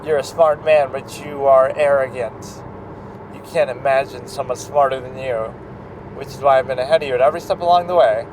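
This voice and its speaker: A man doing a soft-spoken gloating villain. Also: medium pitch, fairly even intonation, noisy background, natural voice. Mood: smug. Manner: soft-spoken, slow and smug. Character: calm gloating male serial-killer mastermind.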